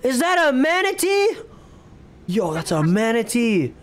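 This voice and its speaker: Give me an excitable man chatting casually to his stream while gaming. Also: very high voice, unhurried. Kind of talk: casual livestream gaming chat.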